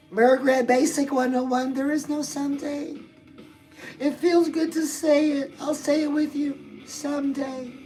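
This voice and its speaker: A woman's voice: high voice, creaky, darkish tone, poor audio. A woman hosting a casual motivational live stream, chatting straight to her viewers and reading out their comments.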